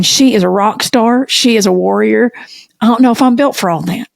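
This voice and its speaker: Southern woman co-host, spins lively folksy yarns, dead-dry mic sound. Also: a little high, moderate pace, creaky, no echo. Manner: animated, folksy storyteller. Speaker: podcast co-host. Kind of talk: casual storytelling chat.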